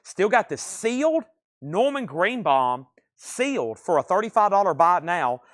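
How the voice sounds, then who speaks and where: Brisk man calling record sales. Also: high-pitched, very animated. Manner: brisk salesman patter, calling prices and bids. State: out of breath. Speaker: livestream record auctioneer. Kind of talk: live sales stream patter.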